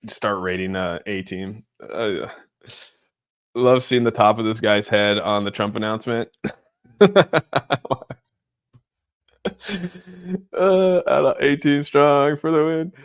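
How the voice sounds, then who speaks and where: A young man hosts a live crypto stream, reacting to his chat with giddy amusement, laughing often and saying "dude" constantly. His voice is on the low side, clean in tone, with a measured pace.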